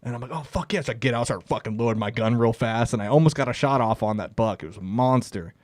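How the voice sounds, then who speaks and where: With a fast, medium-pitched, slightly mellow voice, this young Canadian co-host spins a profane, rambling hunting tale on a comedy podcast and laughs as he tells it. The recording is studio quality, free of room sound.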